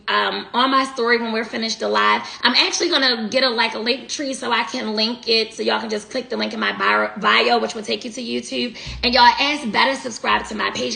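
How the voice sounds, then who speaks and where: A woman's voice: a little high, vocal fry, bright, forceful tone. A woman giving a casual live tarot reading, blunt and slangy, talking straight to her viewers. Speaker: tarot reader. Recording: echoey room, faint noise.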